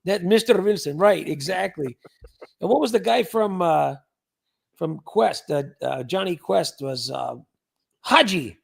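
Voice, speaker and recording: A man's voice: high-pitched, expressive, unhurried, creaky, slightly rough. A man hosting a casual livestream, chatting and greeting viewers by name. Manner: chatty, reads viewer names aloud. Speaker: livestream host.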